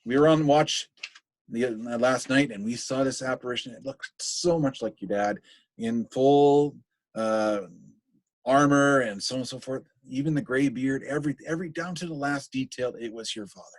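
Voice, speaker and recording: A loyal, earnest young friend, as a teacher puts him on, who talks in a casual, matter-of-fact way. The sound is dry and close. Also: male voice, medium pitch, normal speed, no room sound, close to an everyday voice.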